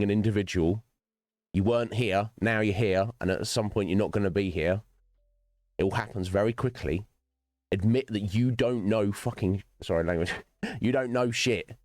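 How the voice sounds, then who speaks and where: A man's voice: on the low side, a little mellow, no echo, clean studio sound. A man hosting his own livestream, chatting to viewers by name in a rambling, philosophical way and swearing freely. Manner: chats directly to viewers by name. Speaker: streamer host. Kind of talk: casual livestream chat while gaming.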